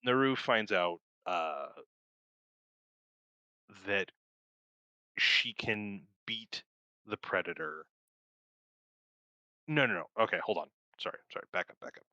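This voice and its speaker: Young male co-host, low pitch and bright, forceful tone, rambling and profane, laughs often. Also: lively intonation, slow pace, pauses often, no room sound. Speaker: podcast co-host. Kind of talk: casual film review chat.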